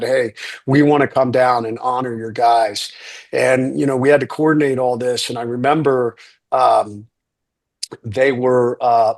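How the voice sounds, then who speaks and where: A middle-aged man looks back on a moving ceremony in an earnest, unhurried voice. He speaks over a video call at an ordinary, middle pitch. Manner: earnest, unhurried, with fillers and restarts. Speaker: guest speaker, military veteran. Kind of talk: casual recollection on a webinar.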